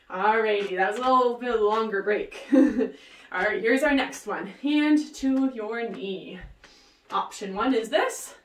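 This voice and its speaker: Upbeat fitness instructor, roomy sound. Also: female voice, medium pitch, slight background noise. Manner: upbeat, cheering with whoops and countdowns. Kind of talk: leading a workout video. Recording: roomy, voice distant from the mic.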